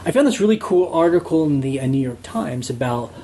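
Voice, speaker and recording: Man, podcast co-host, rambling casual chat, warm mellow tone. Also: on the high side, animated, brisk, a little hiss or hum. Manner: rambling, heavy on "you know" and "like".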